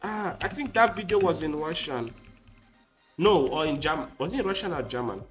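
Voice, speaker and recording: Chatty man with a bright voice. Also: on the high side, animated, normal speed. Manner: rambling, chatty, talks straight to his viewers. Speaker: chess streamer. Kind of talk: casual livestream chat. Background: faint background music.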